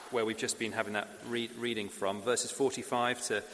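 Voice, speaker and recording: Male preacher, lowish voice, halting delivery full of ums, long church reverb with faint hiss. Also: level tone, a bit bright. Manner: halting, many fillers and restarts. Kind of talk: sermon. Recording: echoey hall with faint hiss.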